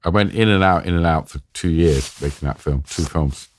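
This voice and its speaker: A man's voice: low voice, moderate pace. A man telling a funny anecdote as a podcast guest, acting out the lines of the people in it and laughing as he goes. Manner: animated, laughing through the story. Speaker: guest, documentary journalist. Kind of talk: casual storytelling anecdote. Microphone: podcast studio mic.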